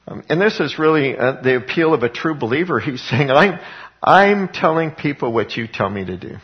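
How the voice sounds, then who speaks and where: A man preaching a sermon, reading scripture and explaining it in plain talk. His delivery is conversational, full of fillers and restarts, and turns emphatic at times. The voice sits in a middle pitch, and the recording sounds a bit dull and lo-fi. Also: slightly rough. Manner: conversational, with frequent fillers and repeated words, rising to emphatic.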